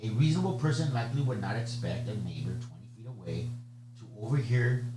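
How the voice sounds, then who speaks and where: A man of middle pitch talks through an exam question like a tutor, loose and chatty, often stopping to ask "okay?" or "right?". The room is echoey and a steady hum runs under his voice. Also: quick pace. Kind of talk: conversational exam lecture.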